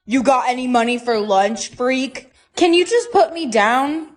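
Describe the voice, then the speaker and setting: This is a text-to-speech woman's voice that reads every side character in a storytime. It sits a little high and keeps a flat, even machine delivery the whole way through. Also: unhurried.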